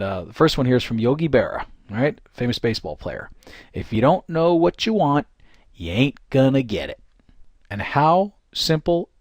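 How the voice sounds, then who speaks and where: A middle-aged man, giving an informal, animated motivational talk with many fillers and restarts. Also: medium pitch, no room sound, studio quality. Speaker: goal-setting coach.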